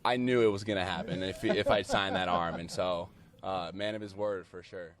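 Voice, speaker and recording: A man heard in an interview clip, talking in a relaxed, matter-of-fact way. His voice is fairly low and the tone stays easy. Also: normal speed, a crowd in the background.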